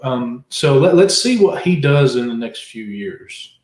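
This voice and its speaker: Co-host type, blunt and wry, mid-pitched male voice, echoey room. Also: sing-song, unhurried, darkish tone. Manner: blunt, wry, matter-of-fact. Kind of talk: casual chat. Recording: roomy echo.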